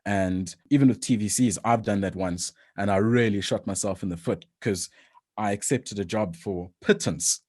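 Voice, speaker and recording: A man's voice: fairly low pitch, moderate pace. A man, a voice-over artist, chatting casually in an interview with frequent restarts. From South Africa. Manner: relaxed, rambling with frequent restarts and laughs.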